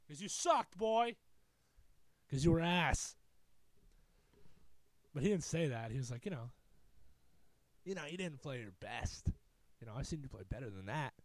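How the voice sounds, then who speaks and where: A man's voice: medium pitch, darkish tone, dry recording. A young man hosting a podcast, telling a long rambling story in a casual, profane, self-mocking way. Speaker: podcast host.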